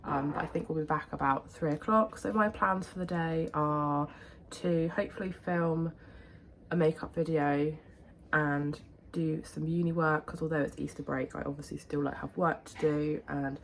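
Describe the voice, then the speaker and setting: A young woman talks to her camera in a loose, chatty way, scattering fillers as she goes. Her voice sits on the low side and has turned hoarse. Her delivery is relaxed and everyday. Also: normal speed, a little hiss or hum. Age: young adult. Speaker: vlogger. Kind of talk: casual vlog chat.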